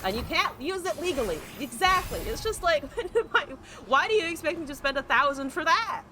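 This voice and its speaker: A woman's voice: high voice, animated, moderate pace. A woman streaming a card game, commenting as she plays and ranting with heavy swearing about her opponents. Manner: profane, ranting, exasperated. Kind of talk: live-stream gameplay commentary.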